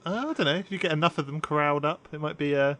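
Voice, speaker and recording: A man's voice: a little high, very fast, a crowd in the background. Man, podcast co-host, casual chat, giggly, laughs through his story. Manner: giggly, keeps laughing while telling.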